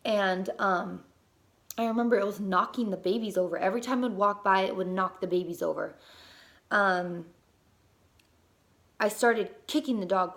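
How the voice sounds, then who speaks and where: A young woman casually telling a personal story as a mother, lively, with many fillers and casual swearing. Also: medium pitch, normal speed, pauses often.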